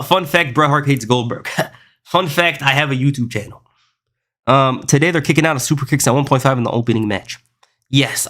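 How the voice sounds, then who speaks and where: A man's voice: medium pitch, a bit bright. A young man streaming live, reading chat aloud and riffing on it in a rambling, casual way, often saying "bro" and "listen.".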